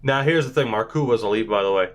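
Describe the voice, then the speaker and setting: A man commentating on a hockey video game, stunned and overexcited, swearing and laughing, his voice jumping high and refusing to come down. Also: quick pace. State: overexcited, voice raised. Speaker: gaming YouTuber. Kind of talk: excited gameplay commentary.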